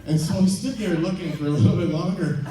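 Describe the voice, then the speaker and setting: A man doing stand-up, telling a rambling, self-deprecating story with halting ums and restarts. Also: high-pitched, warm tone, a little hiss or hum. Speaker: stand-up comedian. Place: theater stage before a live audience. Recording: echoey venue from far off.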